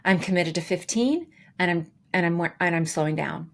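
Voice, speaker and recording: A woman co-hosting a podcast, casually telling a story with lively, acted-out quotes. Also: lowish voice, moderate pace. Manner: animated, acts out quoted dialogue with voices. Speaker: podcast co-host.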